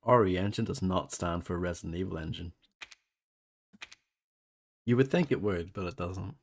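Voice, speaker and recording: A man's voice: deep voice, normal speed, vocal fry, a little hiss or hum. A man chatting casually with viewers while streaming a game, rambling and self-deprecating. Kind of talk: casual live gameplay chat.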